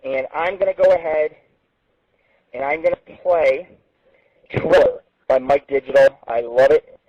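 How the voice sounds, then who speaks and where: A man's voice: a little high, unhurried, no room sound, muffled recording. A man hosting an internet radio show, talking in a rambling, self-promoting showman patter. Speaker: radio host. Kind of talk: casual internet radio talk.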